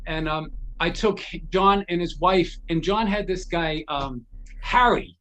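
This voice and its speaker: A man's voice: high voice, unhurried, muffled recording. A man telling casual anecdotes as a guest, acting out the voices of people he quotes and often restarting his words. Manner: animated, acts out quoted dialogue. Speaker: guest storyteller.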